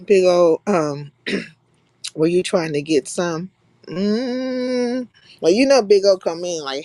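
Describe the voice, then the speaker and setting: A woman's voice: fairly low pitch, slow pace, pauses often, a little mellow, no echo. A young woman from California hosting a live stream in blunt, profane, casual chat, laughing often. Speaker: livestream host.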